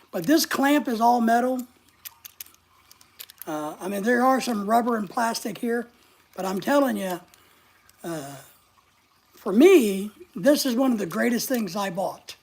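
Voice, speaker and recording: An older woman chats her way through a live stream, rambling from one thought to the next. Her voice is gravelly and a bit husky, with a comfortable, unhurried feel. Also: a little high, a little mellow. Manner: rambling, chatty, reads out viewer comments. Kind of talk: casual live-stream chat.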